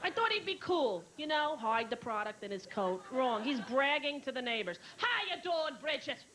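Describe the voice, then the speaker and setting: A woman in her thirties performs stand-up comedy for a live audience, brashly telling family stories and acting out her relatives. Her voice is fairly high and animated, at a normal speed, with a crowd behind her. It's a noisy VHS tape full of loud audience laughter.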